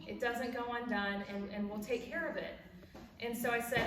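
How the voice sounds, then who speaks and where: A woman's voice: a little high, steady tone, moderate pace. A woman in her forties telling a personal story at a church event, laughing as she goes and acting out the people she quotes. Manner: warm storytelling, laughs at her own stories, acts out quoted voices. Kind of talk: personal story with a devotional message. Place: church hall. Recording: echoey hall from far off with background noise.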